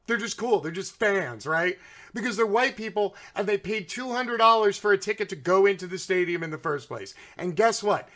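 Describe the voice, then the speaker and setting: A man's voice: high-pitched, sharp tone. A man hosting political commentary, ranting in a sarcastic, mocking way and swearing freely.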